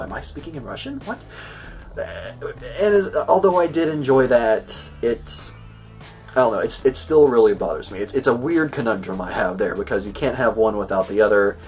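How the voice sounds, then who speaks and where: A man's voice: lowish voice, expressive, moderate pace, darkish tone. A man hosting a casual episode review, talking in a rambling, chatty way and often restarting his sentences. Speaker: show host reviewing an episode. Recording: voice a bit far from the mic, faint music.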